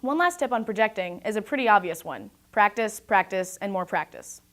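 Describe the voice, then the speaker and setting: A young woman giving a scripted talk about presentation skills, speaking in a clear, projected and deliberate way. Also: mid-range voice, animated, a bit bright.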